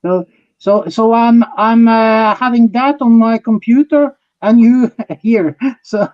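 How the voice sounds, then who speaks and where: A man from Norway with a Norwegian accent, a podcast guest who answers in a halting, thoughtful way. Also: extremely high pitch. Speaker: podcast guest, audiology innovator. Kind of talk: casual interview answers. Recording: dull, muffled remote audio.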